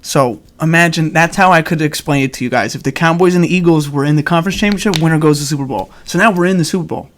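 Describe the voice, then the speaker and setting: A man's voice: a little high, quick pace, few pauses, a little hiss or hum. A young man hosting a casual podcast, exuberant and chatty, laughing often. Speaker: podcast host. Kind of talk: excited casual podcast chat.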